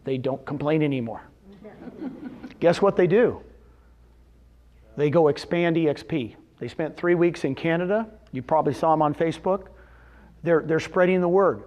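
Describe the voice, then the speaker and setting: The recording is muffled, and the man speaking has a fairly high voice. Addressing real estate agents live in a meeting room, he tells success stories with animation and peppers the audience with quick questions.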